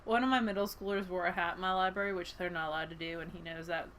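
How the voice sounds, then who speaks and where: A woman co-hosting a casual chat show, an animated storyteller who laughs often and acts out the lines she quotes. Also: on the low side, fast talker, a little hiss or hum. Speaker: podcast co-host, school librarian.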